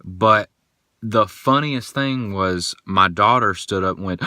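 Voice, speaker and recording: Guy rambling on his podcast, kinda low voice, dry close sound. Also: slow pace, dry recording. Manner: animated, rambling storyteller. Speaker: podcast host. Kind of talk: casual solo podcast monologue.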